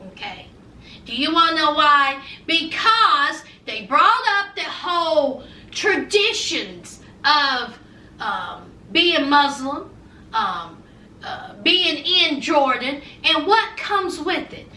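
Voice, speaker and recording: A woman's voice: extremely high pitch, sing-song, slow, bright, forceful tone, recorded from a distance. A woman giving a sassy, emphatic recap of a reality show, asking "okay?" again and again. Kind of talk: casual TV recap commentary. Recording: echoey room, voice a bit off mic.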